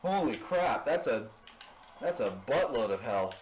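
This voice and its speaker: A man's voice: mid-range voice, very animated, unhurried, roomy sound, a little hiss or hum. A man riffing casually as co-commentator on a game video, laughing often and rambling through his stories. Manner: giggly, rambling joke-teller. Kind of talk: casual let's play banter.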